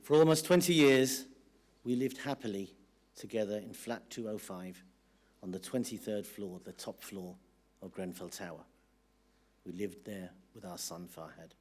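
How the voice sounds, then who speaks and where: A man reading a statement on behalf of a widow at a public inquiry, measured and trailing off at the ends of phrases. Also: lowish voice, darkish tone. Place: public inquiry hearing room.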